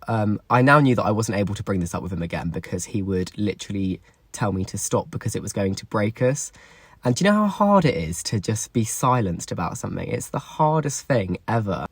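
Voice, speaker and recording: A man's voice: lowish voice, husky, dry recording. A young man candidly telling a personal story to camera, emotional and confessional, swearing often. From England.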